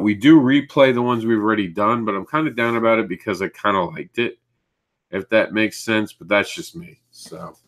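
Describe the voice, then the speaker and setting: A man's voice: lowish voice, fairly bright tone. A man hosting a live indie comics news show, chatting casually, stumbling over names and laughing at his own slips. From Ireland.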